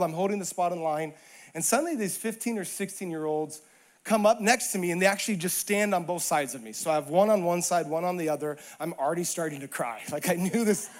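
Animated high-voiced male preacher. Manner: animated storytelling, acts out quotes, builds to emphatic preaching. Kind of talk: sermon with personal story.

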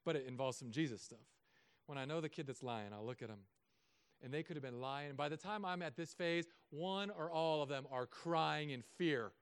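A man preaching a sermon as a pastor, telling stories with self-mocking humor and often dropping to soft, quiet tones. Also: fairly high pitch, normal speed, clear, resonant tone.

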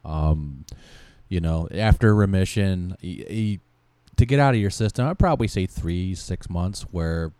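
Low, mellow-voiced man in a dry room. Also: unhurried, smooth, no echo. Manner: easygoing, supportive listener with frequent agreement. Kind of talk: casual chat.

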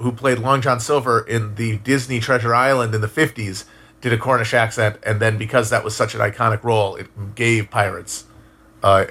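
A man casually talking on a live stream and answering chat, musing out loud, swearing now and then, with frequent restarts. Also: medium pitch. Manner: rambling, musing, profane, many restarts.

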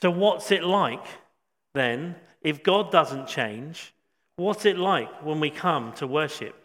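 A man preaching a sermon, reflective, with frequent pauses and restatements. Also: on the high side, lively intonation, a bit bright. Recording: long hall reverb.

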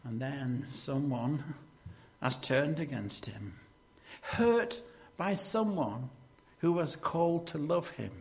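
Brief: male preacher, unhurried delivery, bursts of fervour on key lines. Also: a little high, expressive, creaky, darkish tone. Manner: slow, deliberate preaching with sudden emphatic rises. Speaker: preacher and hospital chaplain. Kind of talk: sermon.

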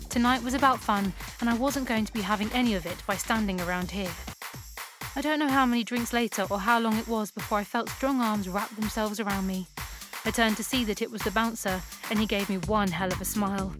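A woman narrating a first-person erotic story in a calm, steady reading voice. Music runs clearly in the background throughout. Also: medium pitch.

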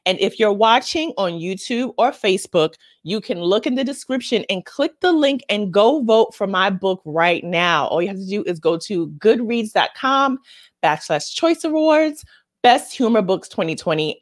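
A woman hosting a show, talking casually and comedically with animated, excitable jumps in her voice. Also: mid-range voice. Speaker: host.

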